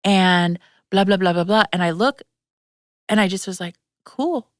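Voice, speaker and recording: A woman's voice: lowish voice, flat delivery, normal speed, no echo, clean studio sound. Frank, swearing woman podcast host. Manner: frank, swears freely, many fillers; emotional, tearful retelling. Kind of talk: candid personal storytelling chat.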